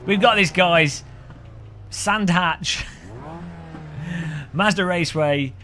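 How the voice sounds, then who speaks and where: A man's voice: high-pitched, takes it slowly, bright, forceful tone, slight background noise. A British man chatting casually and jokily on a sim racing live stream, rambling between topics from a room at home. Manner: rambling, jokey, chuckles often. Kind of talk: casual live-stream chat while gaming.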